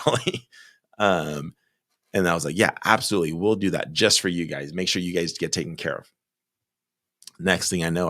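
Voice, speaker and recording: A man who runs a small business tells his own story to camera in an earnest, heartfelt way, pausing often with fillers and sometimes close to tears. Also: low voice, fairly bright tone. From Southern California. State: emotional, close to tears at times.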